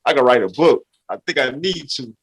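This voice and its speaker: A man's voice: mid-range voice, animated, a little fast, a bit bright, slightly rough, rough recording. A middle-aged man from Louisiana, a rapper guest talking loosely and repetitively in a casual podcast chat. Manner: loose, repetitive street talk, "you feel me".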